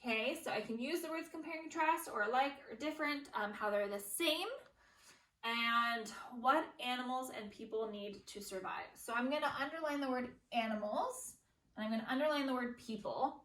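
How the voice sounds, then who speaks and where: A young woman teacher models writing for young students, slowly sounding out each word as she writes it. Her voice is bright and a little high, and it sounds roomy and echoey from a bit off the mic. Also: distant mic. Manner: slow, deliberate, says each word aloud as she writes it.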